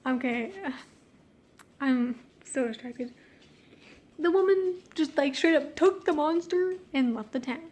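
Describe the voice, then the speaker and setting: High, slow, giggly young woman. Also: a little mellow. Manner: giggly, slangy and self-mocking; easily distracted, breaks off mid-sentence. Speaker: reader of her own childhood story. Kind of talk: reading aloud with joking commentary.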